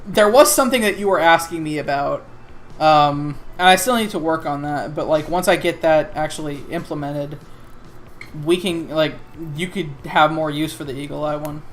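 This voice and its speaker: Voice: medium pitch, normal speed, slight background noise. Rambling, hesitant game master. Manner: rambling, hesitant, lots of fillers. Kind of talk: narrating a tabletop game.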